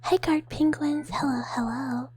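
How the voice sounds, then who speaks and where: A woman streamer doing a whispered role-play, chatting softly with viewers in a breathy whisper and giggling often. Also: high-pitched, steady tone, a little slow. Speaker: ASMR streamer.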